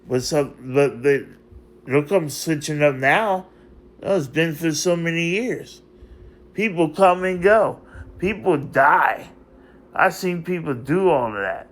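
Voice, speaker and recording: A man whose voice is a little high and fairly bright confronts an absent person in a rambling, emotional vlog. Nothing is scripted, and he returns to the same phrases again and again.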